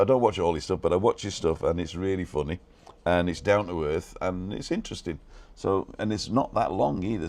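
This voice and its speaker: A man hosting a casual live stream from a balcony, talking fast and reading out viewers' comments and names. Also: deep voice, darkish tone. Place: balcony outdoors.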